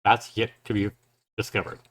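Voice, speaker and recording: Guy reacting to a game trailer, lowish voice, rambly and chill. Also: flat delivery, moderate pace, noisy background. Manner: loose, rambling, thinking aloud with fillers and asides. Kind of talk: casual live reaction commentary.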